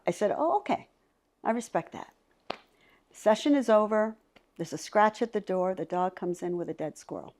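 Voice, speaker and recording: A middle-aged woman talks through stories from her own life as an interview guest. She slips into the voices of the people she describes, and her pitch sits in a middle range. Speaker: psychic medium guest. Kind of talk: storytelling in a conversation.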